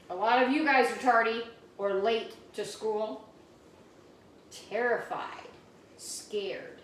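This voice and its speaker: A woman teacher reading a picture book aloud to her students, pausing to explain new words to the children. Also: mid-range voice, a little hiss or hum. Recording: echoey room, mic at a distance.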